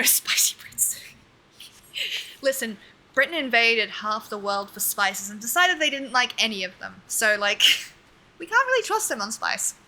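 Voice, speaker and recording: Young woman streamer, casual and profane, high bright voice. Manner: chatty, swearing, laughing often, talking to chat. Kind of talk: casual gaming livestream chat. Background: faint game music.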